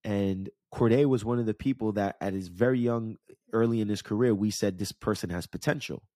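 A man's voice: on the low side, brisk, mellow, no room sound. A man in his thirties with a New York area accent, telling a personal story in a candid, conversational way and checking in with the listener. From New York / New Jersey area. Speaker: podcast host and life coach. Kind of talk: casual storytelling monologue.

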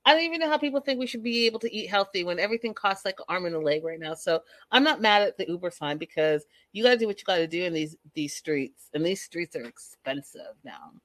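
Chatty woman recapper, lowish voice, dry close mic, talks right to her viewers. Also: expressive, quick pace, few pauses, a bit bright, dry recording. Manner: gossipy, addresses viewers directly. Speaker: reality TV recap vlogger.

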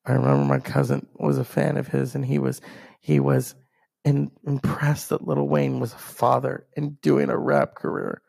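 A man's voice: medium pitch, normal speed, gravelly. A man telling heated personal stories in a profane rant, acting out other people's lines as a solo podcaster. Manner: animated storyteller who acts out others' lines. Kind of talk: ranting personal storytelling monologue.

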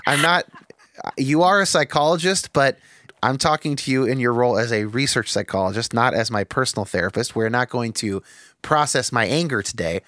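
A man's voice: mid-range voice, a little fast, a bit bright, no room sound. A man hosts a podcast and talks through his thoughts openly, cursing now and then and circling back on his sentences. His voice sits in a middle range. The sound is dry and close, with no room around it. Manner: reflective, frank, swears freely, thinks aloud with restarts. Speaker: podcast host. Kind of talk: candid podcast conversation.

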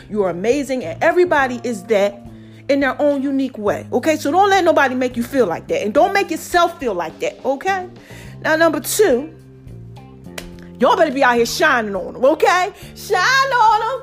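Woman vlogger, high voice, playful and laughing, casual pep-talk delivery to viewers. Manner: playful, laughing, calls viewers "baby" and "y'all". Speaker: vlogger giving life advice.

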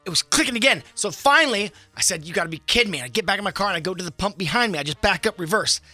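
Bright animated male radio host. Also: high voice, quick pace, dry recording, faint music behind. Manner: animated storytelling, acting out his own yelling. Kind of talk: casual radio banter.

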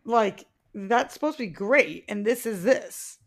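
A woman co-hosting a casual podcast chat, blunt and animated, swearing freely. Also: medium pitch, a little slow. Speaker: co-host.

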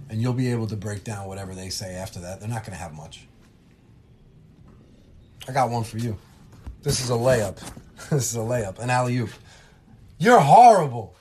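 A man co-hosting a casual podcast, explaining how to handle coaches in a steady, instructive way. His voice sits at a mid pitch and he speaks conversationally. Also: a little hiss or hum. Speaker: podcast co-host, basketball referee.

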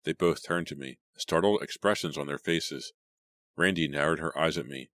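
A man reading a first-person horror novel aloud in a measured, steady way. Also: a bass voice, no room sound. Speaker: audiobook reader.

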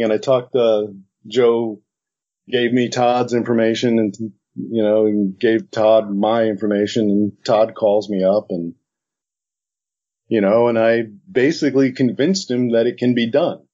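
A man's voice: fairly low pitch, steady tone, a little slow, mellow. A middle-aged man, an animation director, telling an interview anecdote and acting out both sides of old conversations. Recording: dull lo-fi recording.

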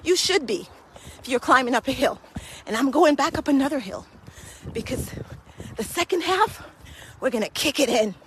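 A woman's voice: high-pitched, lively intonation, moderate pace, long pauses, slight background noise. A woman guiding a hill walking workout while out of breath, encouraging and motivating listeners as she climbs outdoors. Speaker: fitness coach. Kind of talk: guided walking workout podcast.

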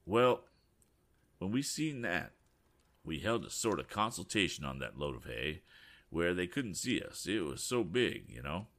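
A man's voice: sits low, very animated, measured pace, fairly bright tone, exaggerated voice. A man voicing a burly, grizzled older farmer who talks in a drawling rural dialect. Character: burly grizzled old male farmer, folksy.

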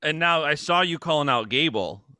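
A man hosting a casual interview, asking quick, upbeat questions. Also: a little high, expressive, pushed and bright, clean tone, no echo. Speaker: podcast host.

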